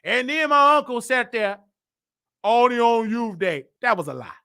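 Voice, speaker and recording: A man hosting a show, telling a church story in a dramatic, preacher-like way that rises to shouts. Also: very high-pitched, very animated, normal speed, clean tone. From Chicago. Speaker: show host. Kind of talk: animated storytelling monologue.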